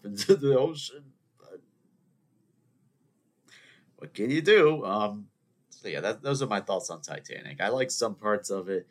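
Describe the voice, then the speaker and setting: A man with a fairly low voice that swings widely in pitch, chatting through a loose, joking podcast monologue. He rambles, restarts his sentences and leans on fillers. Every so often he jumps into high, exclaimed imitations. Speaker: podcast host. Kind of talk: casual monologue.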